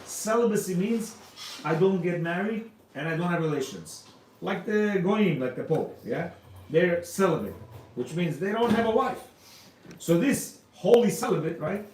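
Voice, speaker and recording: A man's voice: sits high, lively intonation, normal speed, darkish tone, a little hiss or hum. A man giving an informal Torah class to a room of men. He talks in a chatty way, asks rhetorical questions and acts out quoted speech. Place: hall with a live audience. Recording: roomy echo, distant mic.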